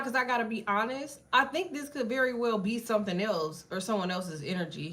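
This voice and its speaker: A woman's voice: a little high, a little fast, hardly any pauses. Brief: woman tarot reader, live casual reading, blunt, swears freely, talks straight to viewers. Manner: blunt and profane, chatting to viewers; animated, jumps between cards and asides.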